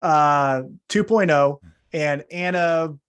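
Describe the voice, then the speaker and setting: A man co-hosting a wrestling podcast, recapping matches in casual chat with animated storytelling and quick self-corrections. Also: fairly high pitch, clear, resonant tone. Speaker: podcast co-host.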